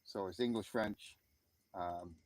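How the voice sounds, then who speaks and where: A man's voice: low-pitched, steady tone, takes it slowly, a little mellow, no room sound. A middle-aged man from the United States chats with viewers on a phone live stream beside an outdoor fire pit. He talks in an easygoing, rambling way, full of restarts and fillers. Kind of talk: casual chat reading viewer comments.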